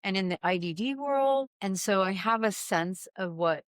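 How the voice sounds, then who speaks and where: A woman's voice: medium pitch, lively intonation, normal speed, no room sound, studio quality. A woman hosting an interview, affirming her guest and asking reflective questions. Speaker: host. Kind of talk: casual interview conversation.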